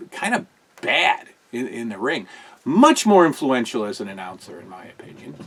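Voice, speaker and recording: A man's voice: mid-range voice, breathy edge. Male host, laid-back reviewer who rambles with fillers and chuckles, mid-range voice. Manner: rambling and chatty, with many fillers and restarts; amused, often chuckling. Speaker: show host reviewing old wrestling broadcasts. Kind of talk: casual review commentary.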